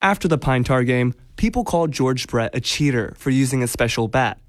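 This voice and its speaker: A man's voice: medium pitch, lively intonation, brisk, no echo, studio quality. Man narrating a radio story playfully. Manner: playful, wry.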